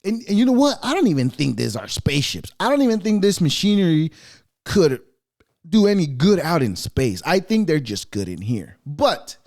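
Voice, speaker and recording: A man's voice: on the high side, very animated, normal speed, darkish tone. A man hosting a podcast, going off in a sarcastic, rambling, profane monologue. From United States. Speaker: podcast host. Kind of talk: casual opinionated monologue.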